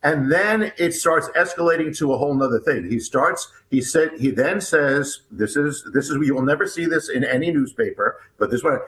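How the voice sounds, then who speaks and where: A man who is an author and guest, telling a story about himself in an animated, halting way, with many restarts and repeated words. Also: mid-range voice, slight background noise. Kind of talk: animated first-person storytelling. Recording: echoey room.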